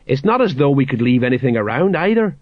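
A man reading aloud as a slow-witted, stout older male sergeant who stumbles over words. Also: medium pitch, very animated, no room sound, dull audio, voice pushed up. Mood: grumbling.

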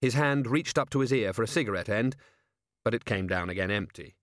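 A man's voice: lowish voice, expressive, a little fast, no echo. Male novel narrator, wry dry delivery, very close and dry sound. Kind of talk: audiobook narration.

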